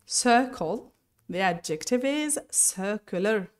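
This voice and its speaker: A woman teacher explaining English vocabulary and pronunciation slowly and deliberately, sometimes correcting herself. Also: mid-range voice, expressive. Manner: slow and deliberate, spelling out each word with self-corrections. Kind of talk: recorded lesson explanation.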